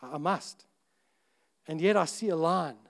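Male pastor, high-ish voice, sermon delivery that is chatty and earnest, with restarts and bursts of volume. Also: measured pace, creaky, a bit bright. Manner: earnest, conversational, with self-interrupting restarts and sudden rises in volume.

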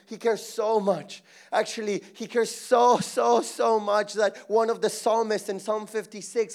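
Hoarse male pastor from mexico, high voice, preaching soft then loud and passionate. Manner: impassioned preaching, swinging from soft and intimate to loud and emphatic. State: voice going hoarse. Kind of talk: sermon.

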